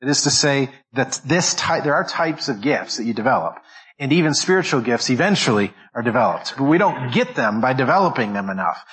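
A man's voice: mid-range voice, expressive, fairly quick, fairly bright tone, rough recording. A man preaching a sermon as pastor, stressing each word and often repeating and restarting phrases as he goes. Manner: restarts and repeats words while thinking aloud.

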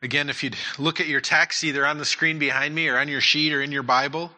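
In a church, a male pastor preaches a sermon and leads prayer, earnestly repeating his key points. He talks fast in a steady, sharp tone, his voice on the high side for a man.

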